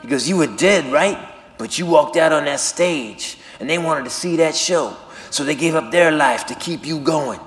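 A male comedian imitating a famous rock star as a relaxed, friendly middle-aged man, recorded live in an echoey hall. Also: a little high, normal speed, lightly acted.

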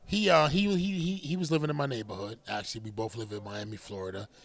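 Gravelly-voiced man telling stories. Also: mid-range voice, quick pace. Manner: animated, laughing, bursts into loud catchphrase shouts. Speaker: boxer, interview guest. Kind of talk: casual interview storytelling.

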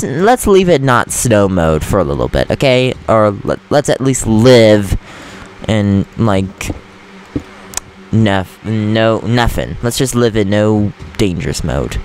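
Animated young man narrating Minecraft play. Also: medium pitch, a little hiss or hum. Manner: excitable, swings from calm chatter to loud frustrated rants. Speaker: gaming host. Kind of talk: casual Minecraft commentary.

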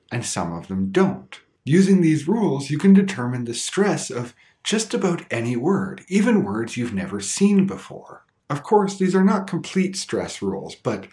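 A man with a Canadian accent teaching an English pronunciation lesson, speaking clearly and deliberately and stressing each example word. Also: medium pitch, darkish tone.

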